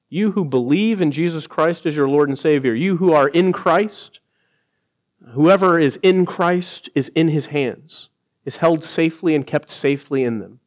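Earnest preaching man, slightly high voice. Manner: earnest preaching, slowing for emphasis and rising when quoting. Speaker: pastor. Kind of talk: sermon.

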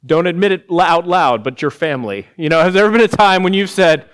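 A man's voice: sits high, fast, few pauses, clean tone. Middle-aged guy preaching, gets worked up and emphatic, laughs a bit in between. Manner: animated, laughing asides, rising to emphatic peaks. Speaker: pastor. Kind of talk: sermon.

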